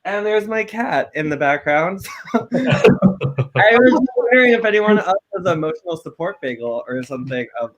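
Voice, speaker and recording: A young man co-hosting a podcast, chatting casually and telling animated, camp stories. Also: high voice, normal speed, crowd noise. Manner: animated, camp storytelling with acted quotes. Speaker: podcast co-host. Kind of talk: casual chat, storytelling.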